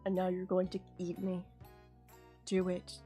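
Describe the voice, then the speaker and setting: A woman voicing a dead roasted pig that taunts its eater, low and menacing, then shouting. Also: monotone, unhurried, faint music behind, lightly acted. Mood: taunting.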